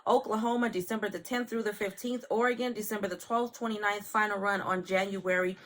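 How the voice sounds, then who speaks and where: A woman in her thirties from California runs through the news in a loose, chatty way and keeps turning to her viewers. Her voice is bright and clear and sits at an ordinary pitch. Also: steady tone, a little fast. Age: 30s. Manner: chatty, addresses viewers as y'all, repeats okay. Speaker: news vlogger. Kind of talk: casual news commentary to viewers.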